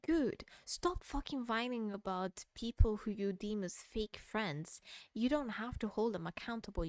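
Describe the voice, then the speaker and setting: A woman's voice: medium pitch, dry recording. Ranting woman streamer with a dry close mic. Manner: heated, sweary ranting that breaks into laughter. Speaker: streamer reacting to a post. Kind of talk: casual livestream commentary. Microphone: close mic she bumps.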